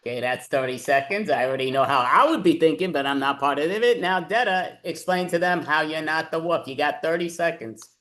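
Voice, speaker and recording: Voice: mid-range voice, brisk, few pauses, a bit bright. A host running an improv comedy game over a video call, giving casual instructions. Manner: casual, instructing, loose fillers.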